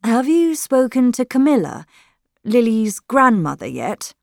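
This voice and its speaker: A woman reading aloud voices a gentle, hesitant older grandfather with little change from her own voice. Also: on the high side, sing-song, unhurried, creaky, no room sound, clean studio sound, pitched above the performer's own voice, heavily acted.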